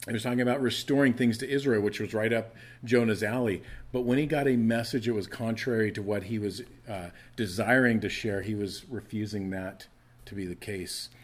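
A man's voice: fairly low pitch, a little fast. A middle-aged male pastor preaching a sermon in a conversational way, often restarting his phrases.

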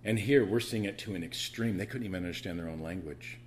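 A man preaching a sermon, animated, often stammering and restarting, building to loud proclamations. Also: low-pitched, quick pace, slight background noise. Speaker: pastor.

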